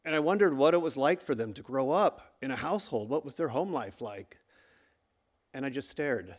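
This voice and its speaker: A middle-aged man telling a true story live on stage, acting out the coaches' shouts with lively energy. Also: mid-range voice, moderate pace. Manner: animated, acts out the shouts of coaches. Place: stage before a live audience.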